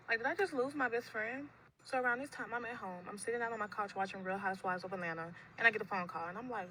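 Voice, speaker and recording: A woman's voice: mid-range voice, a little hiss or hum, rough recording. A woman telling a dramatic personal story in a storytime video, acting out the quoted lines of the people in it. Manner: animated, acts out quoted dialogue.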